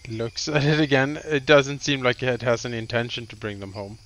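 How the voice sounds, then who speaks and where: A man playing a tabletop game, describing his character's actions slowly and deliberately. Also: medium pitch, steady tone, fairly bright tone. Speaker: player.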